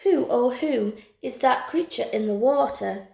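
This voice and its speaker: Picture a soft-hearted young T. rex in a storybook, hooting his lines high and plaintive, as a woman reader puts him on. The voice sits raised above an ordinary speaking voice, with a gravelly edge. It sounds like it was recorded in a roomy space with noticeable echo. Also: measured pace. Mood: wondering. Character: gentle young male T. rex, timid and kind.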